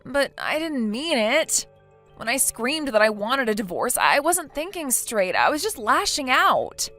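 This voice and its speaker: A woman's voice: high-pitched, big pitch swings, unhurried, bright, forceful tone, faint music behind, full character voice. A synthetic woman's voice playing a naive, self-pitying young wife who pleads and hesitates in a text-message story. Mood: pleading. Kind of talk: text-to-speech text story narration.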